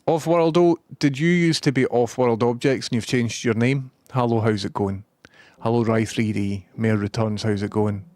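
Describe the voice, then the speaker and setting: A man's voice: mid-range voice, steady tone, normal speed, darkish tone, no room sound. A man with a Scottish accent chatting casually on a livestream, thinking aloud and greeting viewers one by one by name.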